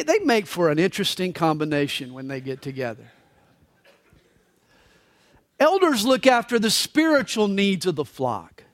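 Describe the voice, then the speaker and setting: Male pastor preaching a live sermon, high voice with a wide, lively swing, dry close sound. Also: no room sound. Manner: expressive storytelling preacher. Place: church service.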